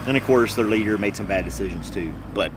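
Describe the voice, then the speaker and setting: A man's voice: lowish voice, fast, background noise. Rambling man chatting by a road. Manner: rambling, wry, laughs at his own jokes. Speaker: podcast host. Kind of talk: casual chat.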